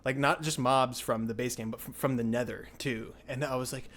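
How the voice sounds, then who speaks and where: A young man hosting a podcast, telling a story in a rambling, excitable way with lots of filler words. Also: mid-range voice, normal speed, hardly any pauses, a little hiss or hum. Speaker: podcast host. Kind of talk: casual storytelling chat.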